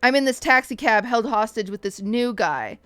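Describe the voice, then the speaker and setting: Animated young woman streamer telling a story. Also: a little high, moderate pace, clean tone, no room sound, soft background music. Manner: animated, acts out quoted voices, swears casually. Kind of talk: casual storytelling to chat.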